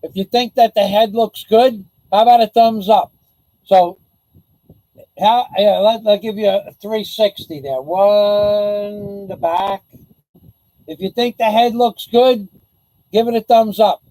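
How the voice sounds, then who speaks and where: A man's voice: high-pitched, slow pace, dark tone, no room sound, rough recording. A man vlogging to camera in a sarcastic, rambling, taunting way. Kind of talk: casual mocking chat to camera.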